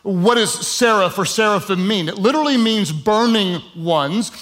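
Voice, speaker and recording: Male pastor, high voice, emphatic sermon with light humor and casual fillers. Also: moderate pace, a bit bright. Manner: emphatic repetition with humorous asides; conversational, with frequent "um" fillers.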